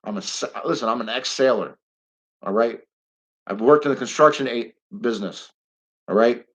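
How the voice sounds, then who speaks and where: A man's voice: medium pitch, normal speed, a bit bright, low-quality recording. A middle-aged man hosting a casual live stream, talking bluntly and rambling, getting heated and swearing now and then.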